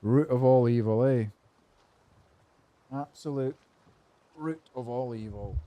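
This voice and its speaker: A man's voice: mid-range voice, slow, dull audio, slight background noise. A man streaming a game and chatting casually with viewers, laid-back and cynical, swearing freely and rambling between topics while he answers chat.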